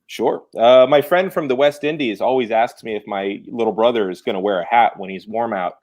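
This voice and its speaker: A man telling puns in a deadpan way during casual banter over a video call. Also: mid-range voice, a little fast. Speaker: pun contestant.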